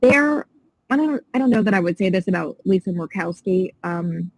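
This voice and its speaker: A woman's voice: fairly low pitch, lively intonation, moderate pace, darkish tone, breathy edge, no room sound, poor audio. A woman guest on a podcast, talking in a passionate, indignant and emphatic way in a casual interview.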